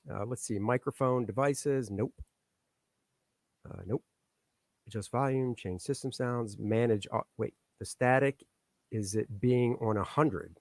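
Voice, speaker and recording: A man's voice: mid-range voice, no room sound. A man hosting a casual live stream from his home studio, chatting and joking in an easygoing way while he troubleshoots his own setup. His mid-range voice comes through a stand microphone, close and dry with no room sound.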